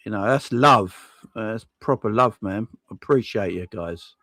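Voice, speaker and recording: A man hosting a casual livestream, thanking viewers one by one in an excitable, effusive way with plenty of slang. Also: lowish voice, measured pace, no echo. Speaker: livestream host.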